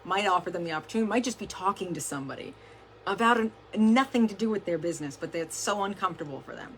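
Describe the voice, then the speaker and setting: A woman's voice: lowish voice, expressive, fast talker, a bit bright, a little hiss or hum. A woman giving a casual motivational talk to her team on a livestream, chatty and peppered with "like" and the odd swear word. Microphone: camera close up, adjusted during stream.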